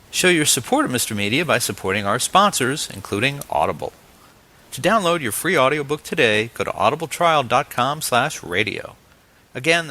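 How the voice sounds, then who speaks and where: A male interview host with a bright, clear tone. His pitch moves around a lot as he speaks. He reads the show's closing announcements in a friendly, easy manner. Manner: friendly, laughs often. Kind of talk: interview and scripted show outro.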